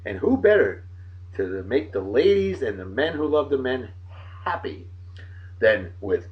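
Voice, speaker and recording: Loud joking man in his forties, lively pitch. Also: measured pace, long pauses, poor audio. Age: 40s. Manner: loud, joking, exclamatory banter. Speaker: beer review host. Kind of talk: casual beer review vlog.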